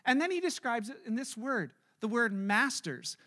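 A man preaching to his congregation in a very high, bright voice that carries plenty of force. He preaches in an animated way and slips into playful voices to act out everyday scenes. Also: moderate pace. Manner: animated, acts out everyday scenarios in little voices. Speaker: pastor. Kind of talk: sermon. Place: church service.

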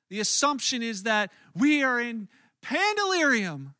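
A man's voice: very high-pitched, very animated, unhurried, bright, forceful tone, no echo, studio quality. A man preaching a sermon in an earnest, conversational way, often restarting his words. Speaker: pastor.

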